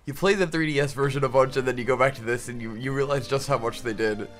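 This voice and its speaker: A young man co-hosting a let's play, relaxed and teasing, laughing often as he chats. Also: mid-range voice, fast talker, faint music behind. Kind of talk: casual gaming commentary.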